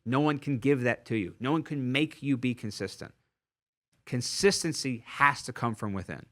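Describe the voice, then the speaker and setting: A man hosting a sales podcast, delivering an energetic motivational talk and repeating key points for emphasis. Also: mid-range voice, normal speed. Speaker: sales trainer and podcast host.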